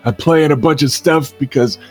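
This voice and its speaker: A man's voice: on the high side, brisk, darkish tone, soft background music. A man who is a writer and a tabletop player, introducing himself in an upbeat, self-deprecating way over a video call.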